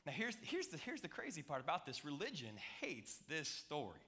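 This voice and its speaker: Middle-aged male pastor, slightly high bright voice, playful animated sermon delivery in a church. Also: quick pace, few pauses. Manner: animated, playful, jokey preaching with audience asides. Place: church sanctuary.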